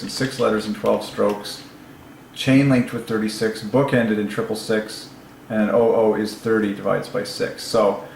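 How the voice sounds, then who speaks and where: A man hosting his own channel, talking alone in a casual, excited way, musing aloud and laughing to himself, recorded on a lapel mic. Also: fairly low pitch, gravelly, roomy sound, slight background noise, poor audio. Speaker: religious channel host. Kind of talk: solo casual commentary.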